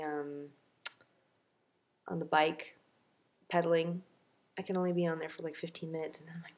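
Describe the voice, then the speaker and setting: A young woman rambles through a casual video diary, chatty and self-mocking, her speech full of fillers and restarts. Her voice sits a touch lower than most women's. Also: steady tone, moderate pace, gravelly, lo-fi sound. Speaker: vlogger.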